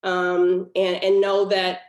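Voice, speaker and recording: A woman's voice: lowish voice, completely flat delivery, takes it slowly, a little mellow, highs cut off. A woman guest author telling a personal story in a podcast interview, earnest and emotional. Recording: roomy echo.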